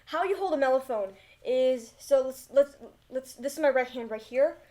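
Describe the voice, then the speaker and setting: A woman's voice: high-pitched, normal speed, warm tone. A young woman giving casual, rambling, self-deprecating commentary on a film, recorded on a laptop mic. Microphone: laptop built-in mic.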